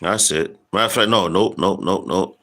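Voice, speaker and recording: A man preaching in a casual street style, slangy and profane, stopping to read scripture verses slowly with emphasis. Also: low voice, fairly bright tone.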